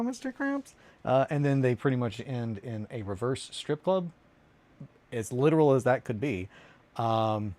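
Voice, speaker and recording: A man chatting casually on a livestream while doing a hobby, rambling and answering chat. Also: mid-range voice. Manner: rambling, animated, breaks into quoted cartoon lines. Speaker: streamer.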